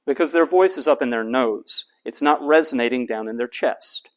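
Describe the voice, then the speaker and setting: Slow, deliberate lecturer. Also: male voice. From United States. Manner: demonstrates voice types, drops to flat low monotone for examples; deliberate, repeats key terms slowly. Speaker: college lecturer.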